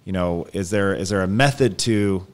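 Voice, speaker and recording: A man's voice: low-pitched, normal speed. A man hosting a podcast interview, asking long, searching questions of his guest. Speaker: podcast host.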